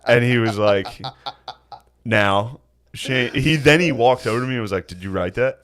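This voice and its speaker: A man's voice: mid-range voice, moderate pace, a bit bright, smooth. A man co-hosting a podcast, trading laid-back jokes and laughing often in casual banter. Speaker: podcast co-host. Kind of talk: casual chat.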